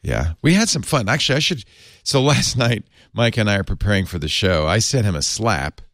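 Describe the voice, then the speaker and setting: A deep-voiced middle-aged man trading jokes in a relaxed tech show. His pitch swings a lot as he jokes. The sound is dry and close, with no room around it. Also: fairly quick, no room sound. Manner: wry, joking, animated. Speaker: podcast co-host. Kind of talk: casual tech chat.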